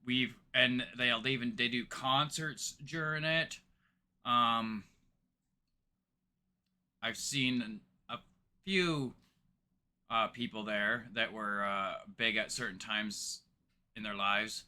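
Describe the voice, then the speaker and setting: Bright-voiced man from Ontario, rambling. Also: mid-range voice, fairly even intonation, slow pace, pauses often. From Ontario, Canada. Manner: rambling, hesitant, many fillers. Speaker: reaction channel host. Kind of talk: casual reaction commentary.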